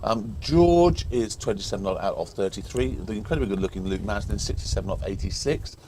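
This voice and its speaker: Low-voiced English man reading cricket scores. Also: animated, brisk, warm tone, slight background noise. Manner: reads out scores and figures, dry humour. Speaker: cricket commentator. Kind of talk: casual live commentary. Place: outdoors at a cricket ground.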